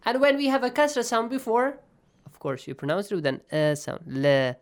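Patient male tajweed teacher, smooth voice. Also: high voice, expressive, fairly quick. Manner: patient, quizzing students by name; switches into Arabic recitation. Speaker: Quran recitation teacher. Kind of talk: online tajweed lesson.

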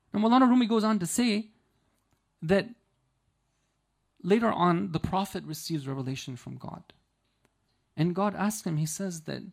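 A man's voice: fairly high pitch, moderate pace, creaky. A man giving an Islamic lecture, retelling a story in a conversational way and often checking in with the listeners. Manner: conversational, with frequent rhetorical "right?" checks.

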